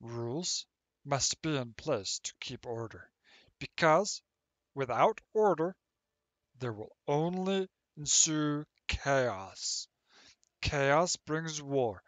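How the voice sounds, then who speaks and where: A man voicing a genial male hobbit armorer who speaks of order and defending his home in a slow, grand storytelling way. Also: medium pitch, a bit bright, dry recording, exaggerated voice. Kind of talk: reading a roleplay backstory in character.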